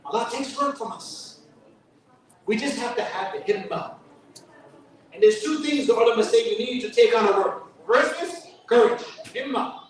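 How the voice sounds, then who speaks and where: A man's voice: extremely high pitch, expressive, normal speed. A man with a New York accent giving a sermon at a mosque fundraiser, chatty and joking, with Arabic quotations. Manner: conversational preaching with joking asides and Arabic quotations. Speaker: guest speaker at a mosque fundraiser. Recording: echoey hall from far off.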